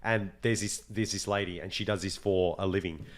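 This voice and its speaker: A young man chatting on a podcast, quick to slip into the voices of the people in his stories. He talks casually and swears without a second thought. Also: low-pitched. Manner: animated storyteller, swears casually, acts out quoted voices. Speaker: podcast co-host. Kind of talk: casual chat.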